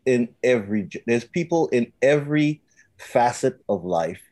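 A man in casual podcast conversation, leaning on sarcasm and repeating phrases for emphasis. His voice sits at an ordinary middle pitch. The sound is dry and close to the mic, with no room around it. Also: animated, moderate pace, darkish tone, dry recording. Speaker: podcast co-host. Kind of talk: casual chat.

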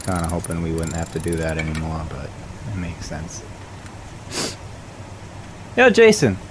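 A man playing a tabletop role-playing game, relaxed and offhand. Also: very deep voice, brisk, noisy background. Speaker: player.

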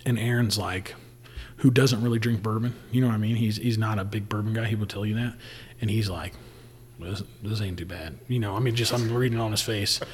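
A man's voice: fairly low pitch, steady tone, quick pace, in a large hall, a little hiss or hum. A man telling stories in casual podcast chat, rambling with fillers and laughing often. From Indiana. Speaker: distiller. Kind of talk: casual storytelling.

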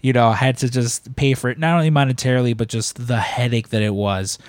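A man hosting a podcast, telling a story in a casual, animated way and acting out the people he quotes. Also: mid-range voice, a little fast, no echo. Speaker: podcast host.

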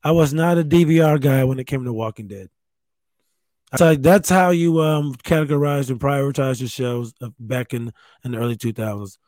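A man's voice: mid-range voice, moderate pace, darkish tone, no room sound. A man in his thirties hosting a casual solo podcast from a spare bedroom at home, rambling and swearing with self-mocking humor. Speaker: podcast host.

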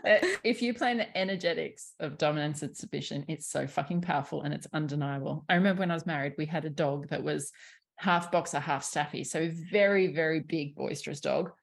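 A woman with a low, husky voice talks as a sexuality coach in a relaxed podcast chat. She is candid and lively, swears without hesitation and laughs easily. Her delivery stays open and conversational. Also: brisk. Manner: candid and animated, swears freely, laughs often.

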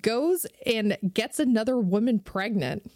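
A woman's voice: a little high, lively intonation, measured pace, warm tone, dry recording, studio quality. A young adult woman, a podcast guest, ranting sarcastically and animatedly in casual chat.

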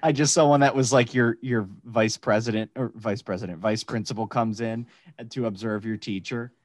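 A man co-hosting a podcast in casual chat, talking in quick animated bursts. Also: medium pitch, dry recording. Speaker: podcast co-host.

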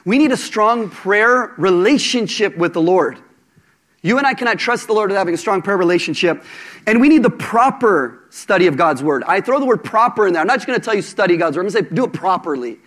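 A man preaching a sermon to a congregation, conversational and animated, with jokes and asides to the audience. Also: sits high, brisk.

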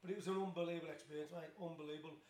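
A man's voice: fairly high pitch, steady tone, rapid-fire, darkish tone. A man in his fifties with a Black Country accent from Tipton, telling rambling stories as a podcast guest, with lots of restarts and laughter. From Tipton, West Midlands of England. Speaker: guest, former footballer. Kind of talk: casual storytelling interview. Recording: roomy echo.

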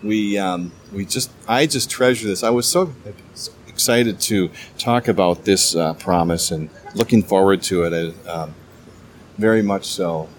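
Halting, excited man on devotional. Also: sits low, a little hiss or hum. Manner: halting, stammers and restarts often; enthusiastic, keeps calling things cool. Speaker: Bible teacher. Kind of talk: casual devotional talk.

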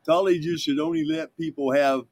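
A man giving slow, opinionated remarks in casual political chat. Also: a little high, fairly even intonation, a little mellow, slight background noise.

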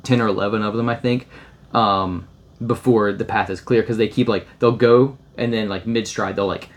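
A man's voice: lowish voice, steady tone, normal speed. A man co-hosting a podcast, talking casually about a film, rambling with many fillers and restarts. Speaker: podcast co-host.

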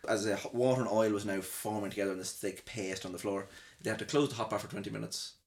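A young Irish man tells funny stories from work with a fairly low voice. He rambles, laughs at himself and slips into impressions of the people he met. It is relaxed, chatty podcast talk. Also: quick pace. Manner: rambling anecdotes, laughs at himself, sings and mimics others. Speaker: podcast host. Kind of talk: comic storytelling chat.

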